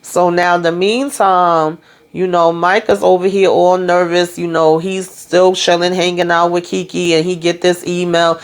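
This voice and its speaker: A woman's voice: fairly low pitch, little pitch movement, moderate pace, clear, resonant tone. A woman hosting a casual TV episode recap, chatty, retelling scenes by quoting the characters, with lots of "you know" and "like.". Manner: heavy use of "you know" and "like" fillers. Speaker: TV recap host.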